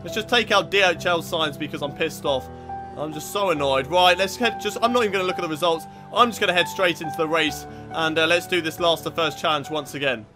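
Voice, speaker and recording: A young British man commentating his own racing game run, frustrated and sweary, shouting at rival drivers. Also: on the high side, a little fast, over music. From Britain. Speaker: gaming YouTuber.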